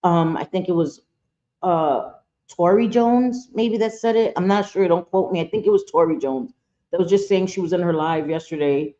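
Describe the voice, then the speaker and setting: Speaking at a normal speed in a mellow, lowish voice, this streamer talks right to her chat. Her commentary is blunt, heated and full of swearing, and the recording has that dull lo-fi stream quality.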